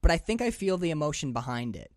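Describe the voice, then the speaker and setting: Animated man in casual film talk. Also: fairly high pitch, fast talker, no room sound, clean studio sound. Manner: animated, swears freely, acts out characters' lines. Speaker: podcast co-host. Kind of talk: casual movie discussion.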